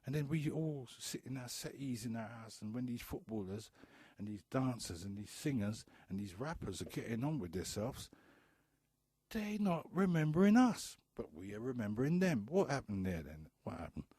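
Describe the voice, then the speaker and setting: A man's voice: lowish voice, animated, brisk, few pauses, mellow, breathy edge, dry recording. A man hosting a radio talk show, ranting bluntly with profanity and hammering home repeated rhetorical questions. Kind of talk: impassioned radio monologue.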